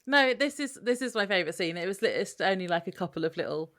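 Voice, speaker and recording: A woman's voice: mid-range voice, animated, fast, a bit bright. Laughing woman podcast co-host. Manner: laughing, joking. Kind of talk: casual chat.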